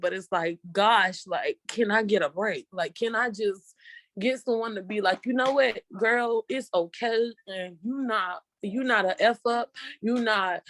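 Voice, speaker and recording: A woman's voice: medium pitch, dry recording. A young woman, tearfully and casually sharing her struggles as a single mother on a video call. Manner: tearful, heartfelt, casual and repetitive.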